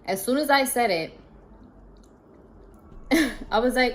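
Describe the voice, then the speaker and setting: A woman telling a story to her viewers in a casual vlog, animated and chatty, talking to her phone camera in an emptied apartment. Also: a little high, slow pace. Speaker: vlogger. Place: apartment during a move. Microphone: phone camera propped up.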